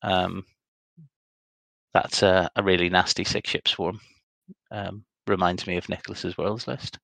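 A man's voice: low voice, little pitch movement, measured pace, gravelly, sharp tone, dry recording. A man co-hosting a podcast, chatting casually and rambling through results with many ums. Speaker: podcast co-host. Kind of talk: casual chat.

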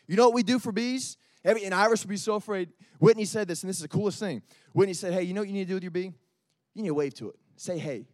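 Man, youth pastor, chatty sermon, high-pitched, dry close sound. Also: quick pace, dry recording. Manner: conversational, animated storytelling with many fillers.

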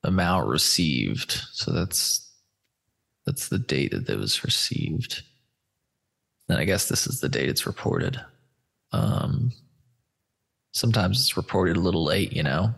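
A man's voice: low-pitched, lively intonation, unhurried, vocal fry, pauses often, fairly bright tone, slightly rough. A man hosting a casual screen-share chat, loose, stoned and a bit profane as he walks through search results. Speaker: host.

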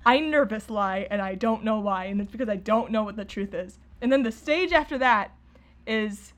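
A woman's voice: mid-range voice, normal speed. A young woman chatting casually as a podcast co-host, sounding nervous, rambling with fillers and restarts and laughing often. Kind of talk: casual chat.

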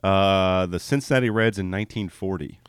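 Low, smooth male radio producer. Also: no room sound, studio quality. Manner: brisk, encouraging quizmaster. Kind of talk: quizzing on-air trivia.

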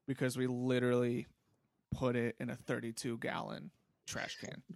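A man's voice: medium pitch, monotone, normal speed, gravelly, dry recording. A young man casually telling a long story, laid-back and rambling, with frequent swearing. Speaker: podcast host.

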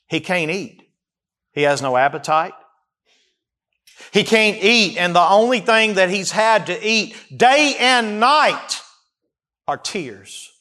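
A man preaching a sermon as a pastor, rising to near-shouts and dropping low as he voices the psalmist's cries. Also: expressive, slow, pauses often. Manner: acts out the psalmist's cries in first person.

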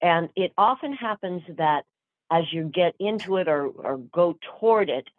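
Older actress on a tinny phone-like line. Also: female voice, lowish voice, moderate pace, dry recording. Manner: lively, chatty, full of fillers and restarts. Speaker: actress guest. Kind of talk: storytelling interview answers.

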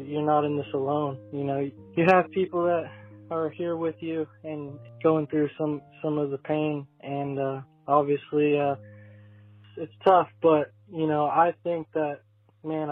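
Man, heartfelt casual phone message, somewhat high voice, flat intonation, tinny phone sound. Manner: heartfelt, casual, chuckling often. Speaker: caller leaving a voice message. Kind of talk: recorded phone message, telling a story. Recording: tinny phone line with faint music.

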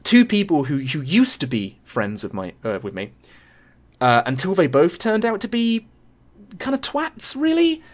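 A woman's voice: low-pitched, measured pace. A young woman with a British accent tells a story casually on a podcast, swearing freely and acting out what others said. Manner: animated, swearing, acts out quotes. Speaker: podcast guest.

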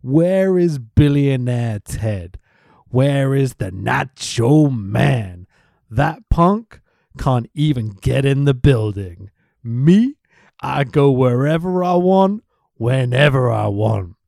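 A man putting on a cocky, swaggering male wrestler's voice, drawling out a slow, menacing challenge. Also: mid-range voice, expressive, creaky, mellow, dry recording, studio quality.

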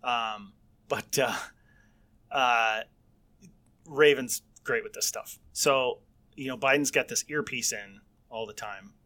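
A man's voice: mid-range voice, slow pace, pauses often, pushed and bright. Joking middle-aged male podcast co-host. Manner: joking, mocking, laughs often. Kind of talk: casual irreverent banter.

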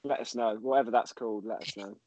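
Easygoing co-host, dry sound. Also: male voice, on the low side, steady tone, fast talker, darkish tone, no echo, muffled recording. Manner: easygoing, brief. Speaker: podcast co-host. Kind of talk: casual chat.

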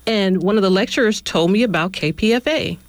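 A woman's voice: medium pitch, brisk, no room sound. Reflective woman telling her story on radio. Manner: reflective storyteller, backs up to correct herself. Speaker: radio apprentice co-host. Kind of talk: casual radio chat. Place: radio studio.

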